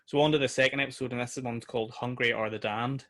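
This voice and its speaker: Bright-voiced man chatting. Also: mid-range voice, steady tone, quick pace. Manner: chatty, rambling with restarts and swearing. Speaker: podcast co-host. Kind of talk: casual film review chat.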